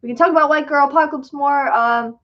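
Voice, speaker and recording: A young livestream host and filmmaker fields viewer questions at a quick pace, her voice high and bright. The chat is casual, giggly and self-deprecating, thick with fillers, and the audio sounds dull and lo-fi.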